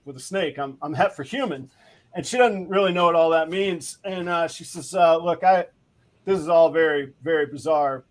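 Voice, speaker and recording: A man hosting a live stream, telling a long rambling joke with lots of halting fillers. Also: fairly high pitch. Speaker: show host.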